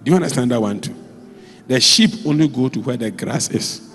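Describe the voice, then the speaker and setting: A man preaching a sermon as a pastor, telling stories with sudden jumps in pitch and loudness. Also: fairly quick, big-room sound. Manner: animated storytelling, with sudden jumps in pitch and volume. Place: church.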